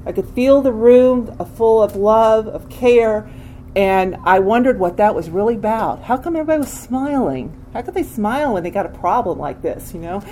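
An older woman sharing a candid personal recovery testimony, with frequent restarts and pauses. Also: medium pitch, animated, dark tone, a little hiss or hum, rough recording. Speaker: speaker sharing a recovery story.

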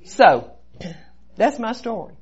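A woman's voice: on the high side, sing-song, takes it slowly, slightly rough. A woman giving an earnest personal testimony at a recovery meeting, telling her story with lots of repetition. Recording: dull lo-fi recording.

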